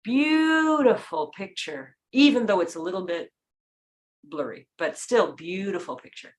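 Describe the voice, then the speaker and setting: A woman's voice: medium pitch, expressive, unhurried. Enthusiastic woman teaching a history class. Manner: enthusiastic, with admiring asides and small restarts. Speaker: class presenter. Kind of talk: narrated history lesson over slides.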